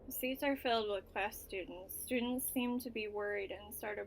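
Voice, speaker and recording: A woman's voice: medium pitch, normal speed, slight background noise. A woman playing a story game, reading its narration aloud and reacting casually, with filler words and swearing. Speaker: let's play gamer.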